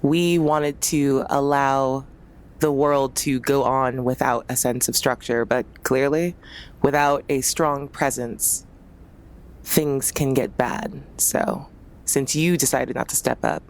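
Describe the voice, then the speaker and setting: A woman's voice: a bass voice, steady tone, slow, heavily acted. A woman voicing a domineering female vampire who issues a firm ultimatum. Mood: menacing. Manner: firm, threatening.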